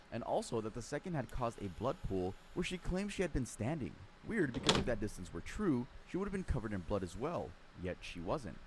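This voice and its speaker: Guy narrating true crime, pitch bouncing all over, sarcastic little jabs, faint ambience behind. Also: noisy background. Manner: lively storytelling, dry sarcastic asides.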